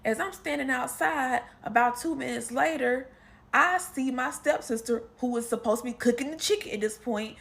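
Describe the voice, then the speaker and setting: A woman telling a casual storytime monologue to her followers, retelling a family fight in animated, slangy talk with lots of quoted dialogue. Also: high-pitched, normal speed, creaky. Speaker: storytime creator.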